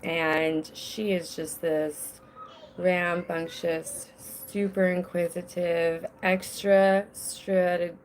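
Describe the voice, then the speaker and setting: A woman's voice: lowish voice, level tone, very slow, slight background noise. A young woman hosting a casual solo podcast from home, rambling and restless, often breaking off mid-sentence. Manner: rambling, restless, self-interrupting. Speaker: podcast host. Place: home with children nearby.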